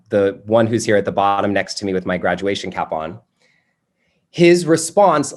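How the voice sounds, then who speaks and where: Man telling a story in a workshop. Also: fairly low pitch. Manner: conversational, animated, many fillers. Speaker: workshop teacher. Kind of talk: personal storytelling in a workshop talk.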